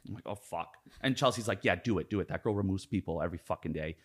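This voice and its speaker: A man's voice: sits low, fast talker, breathy edge. A man from Canada, a podcast guest, telling a story in casual chat, acting out quotes and swearing a lot.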